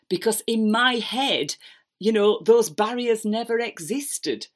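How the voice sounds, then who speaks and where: A woman in her fifties with a Yorkshire accent, telling her own story in a chatty, animated, self-deprecating way from her kitchen at home. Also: on the high side, takes it slowly. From England. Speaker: podcast host. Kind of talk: personal storytelling monologue.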